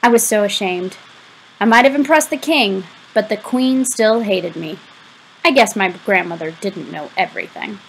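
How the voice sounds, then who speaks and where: A woman reading a novel aloud as an audiobook, giving the first-person narration a lively, expressive delivery. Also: medium pitch, normal speed, vocal fry, a little hiss or hum, low-quality recording. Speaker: audiobook reader.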